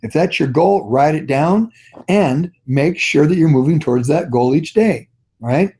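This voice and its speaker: A man's voice: a little high, lively intonation, moderate pace, darkish tone. A man leading a network marketing training on a call, telling stories in a folksy, upbeat, encouraging way. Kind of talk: motivational training talk on a conference call.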